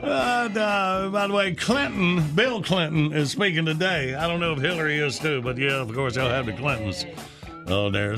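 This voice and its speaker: A man in a morning radio host's chair, talking in a relaxed, folksy, joking manner and breaking into laughs often. His voice sits fairly high for a man. A music bed plays clearly behind him throughout. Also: normal speed.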